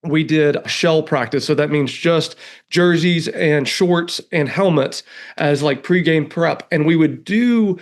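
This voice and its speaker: A man with a Southern US drawl, guesting on an interview show. He spins stories with self-deprecating humor, his voice a touch higher than most men's. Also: slow pace. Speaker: guest economist. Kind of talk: casual interview storytelling.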